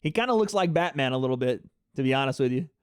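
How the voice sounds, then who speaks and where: A man hosting a live fight reaction stream, excitable and chatty, talking to his chat viewers. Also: medium pitch, fast, clear, resonant tone, no room sound, clean studio sound. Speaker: livestream host.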